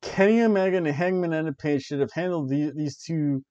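A man hosting a wrestling review podcast, ranting and joking sarcastically in a casual, animated way. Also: fairly high pitch, a little fast, dry recording. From Florida, USA. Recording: dull lo-fi dry recording.

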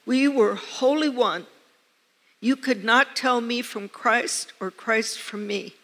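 A woman preacher telling a personal story to her congregation in an earnest way, with soft laughs along the way. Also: fairly high pitch, slow. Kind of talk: sermon. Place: church hall. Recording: church hall reverb.

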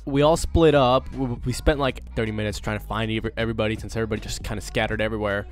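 A man's voice: fairly low pitch, fairly even intonation, fast, faint music behind. A teenage boy telling a story casually to camera as a vlogger, rambling and swearing with lots of fillers.

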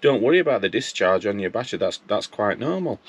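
Bloke, deep voice, rambling story about phone calls. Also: male voice, fast, slightly rough. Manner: animated retelling of phone calls with quoted dialogue. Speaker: vlogger. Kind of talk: casual storytelling.

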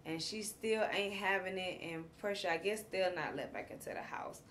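A woman hosting a casual chat show, recapping a reality series in a chatty, animated way with slangy asides. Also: mid-range voice, moderate pace, a little hiss or hum. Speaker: host.

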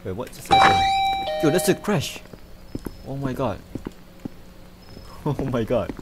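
A young man commentating a horror game, with loud panicky outbursts, swearing and laughter. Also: mid-range voice, animated, takes it slowly, long pauses, very noisy. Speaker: gamer. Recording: game music behind.

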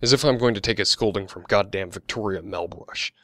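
A man voicing a big, gruff older man who scoffs and snaps at others. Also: fairly low pitch, a little fast, no echo, studio quality, close to an everyday voice. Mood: gruff, contemptuous.

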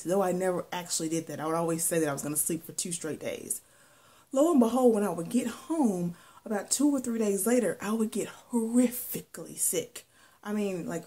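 Chatty, husky-voiced woman vlogger. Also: on the low side, warm tone. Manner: chatty, many fillers and restarts. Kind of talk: casual storytelling vlog.

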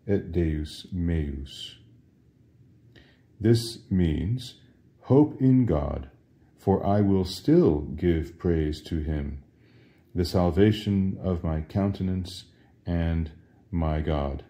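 A man with a very low voice leads a Latin lesson at a slow, unhurried pace. He asks a question and then gives the answer, patiently, again and again. His tone is dark and mellow throughout. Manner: patient, repeats each phrase as a question and answer. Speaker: Latin teacher. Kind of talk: slow drill-style language lesson.

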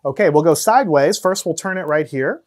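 A man's voice: a little high, fairly quick, a little mellow. A man teaching physics, explaining hands-on demonstrations step by step and counting down before each one. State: out of breath at times from blowing. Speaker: science teacher.

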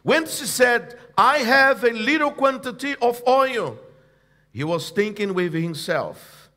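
A man preaching in a church service, his voice pitched high and swinging widely as he drives each point home. He takes it slow and deliberate, pausing to prompt the church to answer back. His phrasing is emphatic and repetitive, building line on line. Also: animated, bright, forceful tone. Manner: call-and-response preaching, prompting the congregation to repeat. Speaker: pastor. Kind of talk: sermon.

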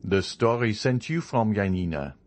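A man's voice: on the low side, lively intonation, normal speed, close to an everyday voice. A man reading a proud young nobleman in a storybook, speaking coldly, formally and with determination. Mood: indignant.

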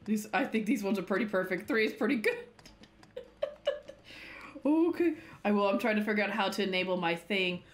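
A woman's voice: medium pitch, normal speed, long pauses. A young woman streaming a game in casual chat, laughing constantly as she talks. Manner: giggly, laughs constantly while talking. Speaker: gaming streamer. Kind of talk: casual let's-play chat.

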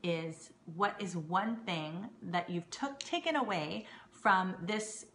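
A woman hosting a casual live stream from home, chatting warmly with viewers and thanking them. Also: lowish voice, slow pace, a little hiss or hum. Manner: chatty, warm thanks to viewers, excited greetings. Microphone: phone or webcam live stream. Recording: roomy home audio with faint ambience.

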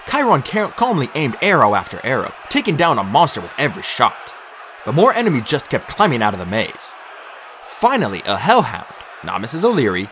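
A man narrating an audiobook in an animated, dramatic reading style. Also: medium pitch, slight background noise. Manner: animated, acts out shouted lines.

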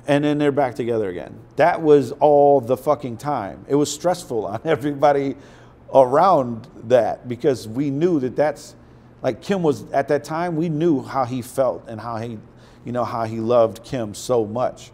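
A man guesting on an interview, telling casual stories with a profane, animated delivery that slips into acted quotes. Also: mid-range voice, unhurried. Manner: profane, animated storyteller who acts out quotes.

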